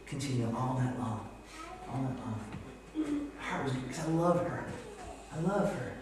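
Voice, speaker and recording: A man in his forties preaching a sermon, animated and acting out quoted voices as he goes. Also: medium pitch, a little fast, background noise. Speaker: pastor. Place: church sanctuary. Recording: echoey church hall mic from a distance.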